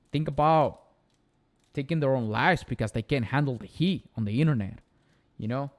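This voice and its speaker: A young channel host with a Spanish accent and a slightly mellow, mid-range voice chats on a casual live stream. Earnest and encouraging, he leans on repeated phrases to drive his points home.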